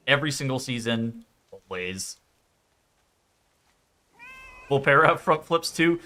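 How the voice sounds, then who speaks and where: A man's voice: on the high side, bright, forceful tone. A man chatting casually on a game stream, rambling, swearing freely and laughing often.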